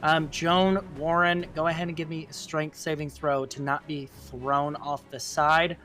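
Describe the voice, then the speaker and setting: A man's voice: on the high side, level tone, a little slow, pushed and bright, faint music behind. A man narrating a tabletop role-playing game as game master, casual, with fillers and sound effects.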